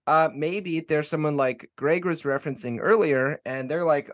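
A man hosting a podcast interview in casual conversation, rambling and halting with many fillers and restarts. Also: fairly high pitch. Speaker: podcast host.

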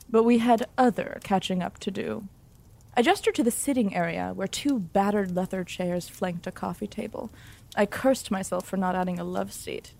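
A woman reads a comic mock romance aloud with a deadpan, overwrought delivery. Her voice sits in a middle register, plain and unhurried. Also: mid-range voice. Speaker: narrator. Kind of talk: comedic mock-romantic narration.

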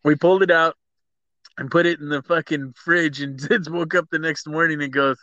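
A man in casual chat, animated and profane, cutting in to tell the story his way. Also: on the high side, normal speed, dry recording, dull audio. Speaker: podcast regular.

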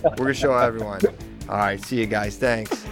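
A man's voice: lowish voice, fairly quick, music in the background. A man hosting a casual online show, upbeat and joking, laughing along and signing off. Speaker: host.

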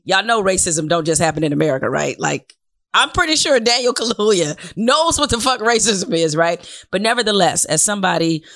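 A woman's voice: low-pitched, fairly bright tone, dry recording, studio quality. A woman from Detroit hosting a podcast interview, talking bluntly and emphatically and swearing freely. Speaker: podcast host. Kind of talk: casual conversational interview.

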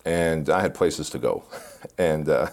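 A man with a very deep voice tells stories in a lively, animated way during a casual interview. He laughs often as he talks. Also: measured pace. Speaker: podcast guest.

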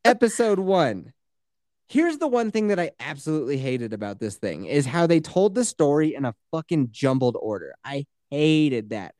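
A man's voice: a little high, sing-song, normal speed, a little mellow, no echo, clean studio sound. A man co-hosting a podcast in casual chat, ranting animatedly and swearing freely. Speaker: podcast co-host.

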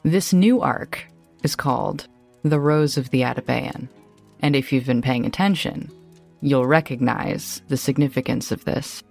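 A woman's voice: very deep voice, a little slow, gravelly, a little mellow, faint music behind. A woman running a tabletop game as game master, chatty and descriptive.

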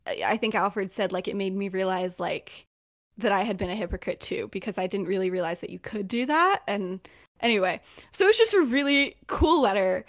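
A woman's voice: mid-range voice, lively intonation, brisk. A young woman co-hosting a podcast, retelling a story in casual chat, rambling with lots of fillers and acting out the quotes. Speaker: podcast co-host.

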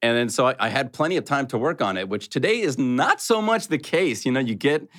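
A man's voice: medium pitch, a little fast. A man guesting on a podcast, telling showbiz stories with lots of energy and slipping into accents. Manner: animated storyteller, slips into accents. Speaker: actor guest. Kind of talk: casual podcast chat.

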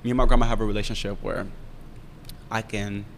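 A young man rattles through a story at a quick clip, his voice sitting a little low. He talks candidly and animatedly, swearing freely, and the room adds a long, ringing reverb. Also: little pitch movement. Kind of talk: casual storytelling chat. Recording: roomy reverb with faint rumble.

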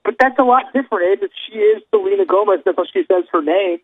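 A man with a high voice challenges the host with skeptical pushback. His voice comes through narrow and phone-like, in loose comedic chat. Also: quick pace, breathy edge. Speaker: podcast co-host. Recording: tinny phone-like sound.

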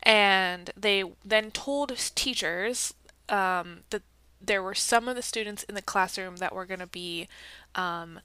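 A woman talks through a topic in a loose, chatty way, leaning on fillers and restarting her sentences. Her voice is bright and crisp. The sound is dry and close, with no room around it. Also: medium pitch, measured pace, no room sound, poor audio. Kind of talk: casual explanatory talk.

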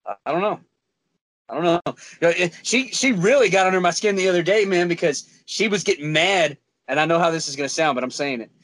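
A man's voice: high voice, quick pace, fairly bright tone, dry recording. A man in casual chat, blunt and swearing freely, often quoting others.

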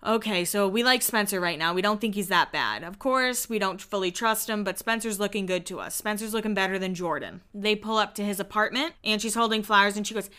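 Bright-voiced snarky woman podcaster. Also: mid-range voice, a little fast, few pauses. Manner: chatty, snarky, animated. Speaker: podcast host. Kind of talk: casual reality-TV recap chat.

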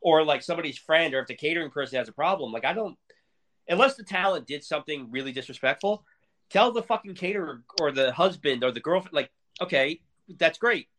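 A man's voice: fairly high pitch, expressive, fast, a bit bright. A man co-hosting a podcast, ranting angrily in casual, profanity-heavy talk. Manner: angry, heated, profanity-laced ranting. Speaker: podcast co-host.

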